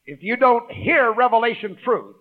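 High-pitched, animated preacher man. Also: moderate pace, narrow, tinny audio. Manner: call-and-response preaching, swinging from loud emphasis to hushed asides. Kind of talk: sermon.

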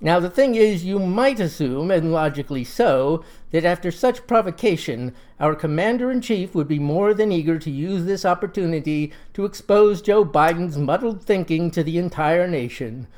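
A man with a Southern US accent telling a comic tale in a folksy, deadpan, mock-solemn style. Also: on the high side, normal speed, hardly any pauses. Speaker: storyteller.

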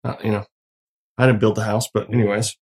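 A man's voice: lowish voice, level tone, brisk. Middle-aged man telling stories with laughs. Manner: storytelling, laughs often. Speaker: podcast co-host. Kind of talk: casual chat.

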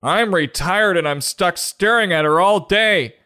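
A man's voice: high-pitched, unhurried, pushed and bright, clean tone, voice pushed up. A man putting on a whiny, pleading retired grandfather in a comedy book review.

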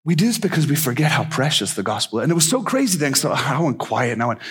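A man preaching a sermon, telling stories and acting out the people in them with lively swings of voice. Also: mid-range voice, fast, hardly any pauses, slightly rough. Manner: animated storyteller who acts out the people in his stories. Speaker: pastor.

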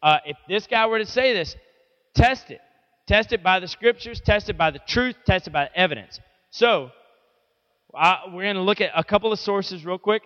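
A man's voice: high voice, moderate pace, sharp tone. A man teaching a Bible lesson to teenagers in a casual, joking, conversational way. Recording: echoey hall, dull lo-fi sound.

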